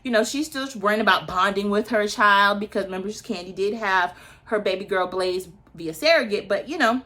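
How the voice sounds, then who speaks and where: A woman's voice: medium pitch, a little fast, sharp tone. A woman in her early thirties hosting a casual recap, chatty and opinionated, with asides to her viewers. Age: early 30s. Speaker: reality TV recap host.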